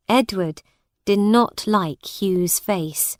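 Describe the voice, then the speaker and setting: Woman narrator, learner audiobook, very slow, clear, dry close sound. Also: mid-range voice, no room sound.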